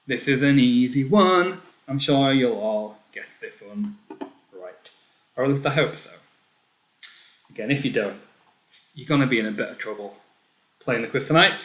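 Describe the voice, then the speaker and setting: A man hosting a live online pub quiz, chatty, reading each question and its options twice and often clearing his throat. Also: medium pitch, animated, moderate pace, pauses often. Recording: echoey room.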